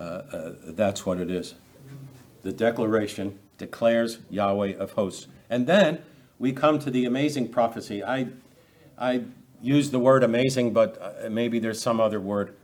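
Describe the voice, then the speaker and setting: A man's voice: fairly low pitch, moderate pace. A man preaching an expository sermon as pastor, conversational, posing rhetorical questions, acting out quotes and often repeating words as he restarts phrases.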